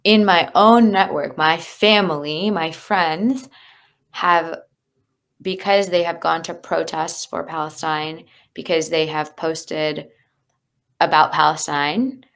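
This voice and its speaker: A woman's voice: sits low, fairly even intonation, takes it slowly, vocal fry, a bit bright. A woman, a leadership coach, talking candidly and earnestly as an interview guest, with many fillers. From United States. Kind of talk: conversational interview.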